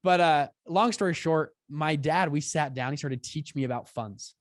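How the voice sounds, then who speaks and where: A young man in his twenties tells a story as a podcast guest, his voice on the higher side. He talks quickly and with energy, and he acts out quotes with big jumps in pitch. The sound is dry and close, with no room around it. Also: no room sound. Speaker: podcast guest, fund founder. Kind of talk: storytelling in conversation.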